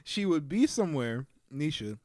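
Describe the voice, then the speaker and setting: A man's voice: a little high, moderate pace, dry recording, studio quality. A young man co-hosting a podcast, telling a story casually and acting out the voices of the people in it. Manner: animated storyteller, acts out quotes in varied voices. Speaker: podcast co-host.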